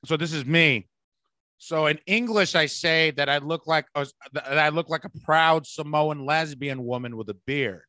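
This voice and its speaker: Bright-voiced profane podcast host. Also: male voice, a little high, normal speed, no room sound. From San Francisco Bay Area. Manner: profane, rambling, bursts into laughter. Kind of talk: casual podcast chat.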